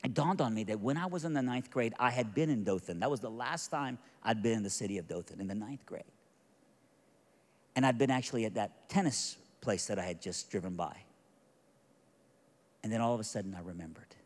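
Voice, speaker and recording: A middle-aged man preaching a sermon as a personal story, animated and stumbling over restarts as he builds excitement. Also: medium pitch. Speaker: pastor. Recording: long hall reverb.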